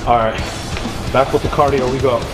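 A man's voice: medium pitch, steady tone, fairly quick, over loud music. A young man vlogging outdoors on city streets, joking and teasing his dog in comedic banter. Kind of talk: comedic walking vlog.

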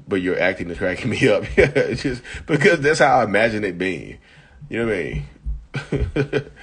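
Deep and husky, this man's voice carries a casual live chat where he reads viewer comments and replies bluntly. He's chatty, says "y'all" to viewers, and keeps coughing as he gets over an illness.

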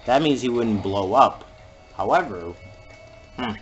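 A man giving jokey let's-play commentary over a video game and reacting with sudden loud exclamations. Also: medium pitch, lively intonation, measured pace, lo-fi sound. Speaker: gamer playing through a video game.

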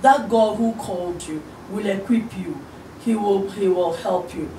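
A middle-aged woman minister appears as a guest on an interview show, speaking at a measured pace in a warm, medium-pitched voice. Earnest and encouraging, she acts out the voices she quotes, while the distant mic gives a roomy studio sound with faint hiss.

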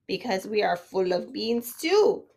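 A woman's voice: mid-range voice, very animated, unhurried, vocal fry, darkish tone, heavily acted. A woman voicing the smallest male chihuahua in the pack, chatty and laid-back, with a casual, slangy way of talking in a storybook read-aloud.

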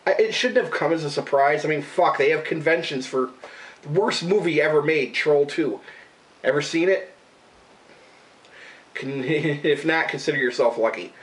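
A man's voice: medium pitch, fairly bright tone, far from the mic, low-quality recording. A man ranting casually, rambling and swearing, with an exasperated, disbelieving manner. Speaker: radio show regular and vlogger. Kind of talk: casual profane rant to camera.

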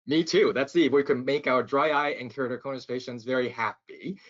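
A man's voice: mid-range voice, fairly even intonation, a little fast, muffled recording. A man hosting a podcast, speaking loosely with many fillers and restarts. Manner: loose, hesitant, many fillers, laughs easily. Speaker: podcast host, eye doctor. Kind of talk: casual introduction and chat.

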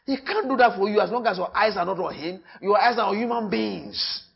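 A man with a Nigerian accent preaching a sermon in church. He talks with emphasis, repeats his phrases and swings from loud to hushed. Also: sits high, a little fast, vocal fry, dull audio. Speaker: pastor.

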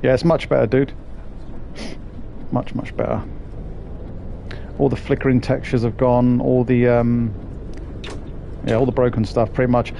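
Streaming a bus simulator, a man keeps up cursing, joking banter with his chat as live gameplay commentary. His mid-range voice is gravelly and mellow, with a level tone and a measured pace broken by frequent pauses. There's slight noise in the background.

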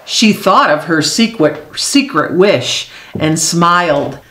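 A woman reading a children's picture book aloud, telling it in an expressive, unhurried way. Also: fairly low pitch. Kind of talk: storybook read-aloud. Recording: echoey room.

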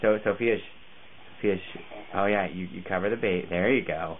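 Very deep-voiced man coaching kids. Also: normal speed. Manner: gently prompting and coaching children. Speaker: father and show host. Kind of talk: casual home video chat. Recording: tinny lo-fi home video with faint hiss.

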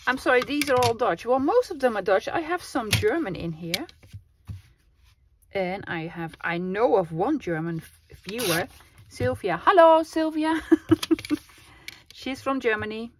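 Making a collage, this woman chats casually with her viewers and herself, laughing frequently. Her fairly high voice has lively intonation, a measured pace and frequent pauses. It's a craft vlog, recorded clearly with background noise and clicks.

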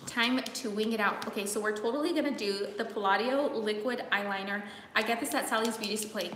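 A woman's voice: brisk, fairly bright tone, a little hiss or hum. A woman chatting playfully through a makeup tutorial, teasing viewers and slipping in. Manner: playful, teasing, bursts into laughter and high sing-song bits. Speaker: makeup vlogger. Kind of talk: casual makeup tutorial chat with live comments. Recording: echoey room with long reverb.

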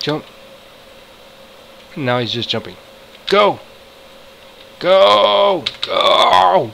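A man talking through his own game session in an unhurried, drawn-out way, mostly muttering to himself. He breaks into frustrated outbursts and excited shouts as things go wrong or right. A faint hum sits under the voice. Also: a little high, gravelly, poor audio. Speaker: gamer. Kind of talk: casual gameplay commentary.

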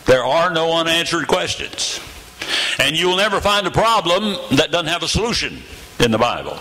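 An older man in his eighties preaches to a church congregation, his voice bright and forceful. He tells stories in an animated way, slowing down and pausing for effect. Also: a little high, poor audio. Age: 80s. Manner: animated storytelling, dramatic pauses and slowed phrases. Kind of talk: sermon.

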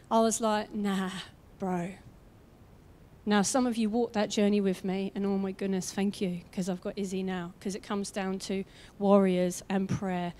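A young adult woman preaching a sermon in an energetic, conversational way, with quick asides, and she acts out the voices she quotes. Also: medium pitch. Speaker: guest preacher.

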